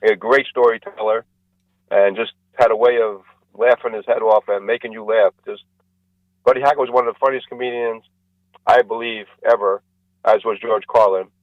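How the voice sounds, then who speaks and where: A man's voice: fairly low pitch, brisk, no echo. Rambling comedian man, dull dry sound. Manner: rambling, animated joke-telling. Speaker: comedian guest. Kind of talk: casual storytelling interview.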